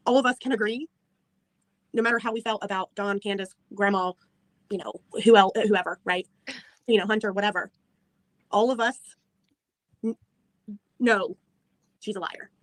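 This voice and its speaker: A woman's voice: mid-range voice, steady tone, moderate pace, pauses often, dry recording, low-quality recording. A woman in casual livestream chat, agreeable and hesitant, often trailing off with fillers. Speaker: livestream co-host.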